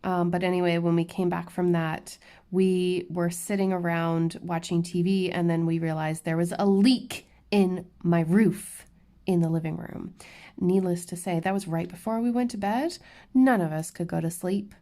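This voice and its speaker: A woman vlogging from her crafting table at home, talking candidly and ranting to her viewers with quick restarts and asides. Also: fairly low pitch, fairly even intonation, dark tone. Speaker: diamond painting YouTuber. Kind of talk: casual chatty vlog while crafting.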